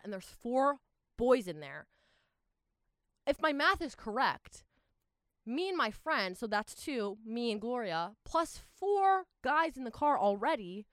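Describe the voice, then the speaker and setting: Animated young woman telling a story. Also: fairly high pitch, no room sound, studio quality. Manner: animated, exasperated storytelling, heavy use of "like". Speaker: vlogger telling a travel story. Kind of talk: casual storytime.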